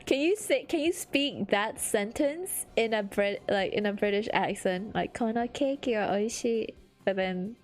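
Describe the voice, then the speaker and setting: A woman streamer in casual chat, laughing often and breaking into high-pitched giggles. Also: a little slow, few pauses, soft background music.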